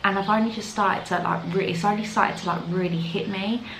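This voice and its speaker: A woman's voice: medium pitch, fairly even intonation, brisk, vocal fry, reverberant, noisy background. Chatty young London woman vlogging. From London, England. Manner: chatty, full of "like" fillers. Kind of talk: casual chat to camera. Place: outdoors in the evening.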